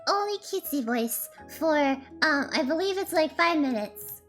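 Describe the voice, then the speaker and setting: A woman's voice: high voice, animated, moderate pace, soft background music. A woman streaming a game, reading its narration aloud and chatting playfully with laughter.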